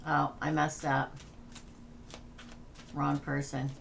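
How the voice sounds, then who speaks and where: A woman's voice: sits low, little pitch movement, takes it slowly, creaky, slight background noise. A woman tarot reader hosting a casual livestream, chatting, laughing and reading names off a list.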